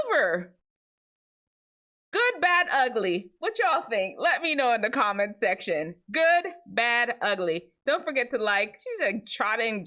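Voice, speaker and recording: A woman hosting a casual show, chatting to viewers about viral clips. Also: mid-range voice. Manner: chatty, animated, talks to viewers as y'all. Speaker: host of a reaction show.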